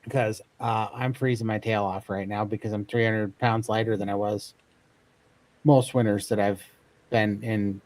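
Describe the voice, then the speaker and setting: A man's voice: fairly low pitch, fairly even intonation, normal speed, darkish tone, no room sound. A man chatting casually on a livestream panel, telling stories with a joking manner and lots of fillers. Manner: joking storyteller, many fillers. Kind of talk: casual chat.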